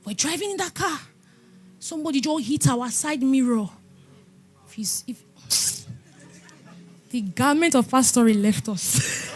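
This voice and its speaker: A woman pastor giving a lively testimony sermon in an animated storytelling manner. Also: sits high, normal speed, long pauses. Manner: animated storytelling, laughing and exclaiming.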